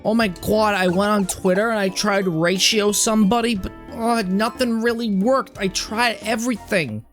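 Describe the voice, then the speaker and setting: A man's voice: high-pitched, fairly even intonation, normal speed, hardly any pauses, fairly bright tone, faint music behind, voice pushed up. A man voicing a whiny, lonely, self-pitying young creature in a video game, stammering through complaints.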